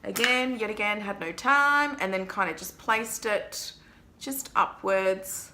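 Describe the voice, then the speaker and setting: A woman's voice: mid-range voice, slow, background noise. A young woman, a makeup artist, chatting to viewers through a makeup tutorial vlog in a self-mocking way.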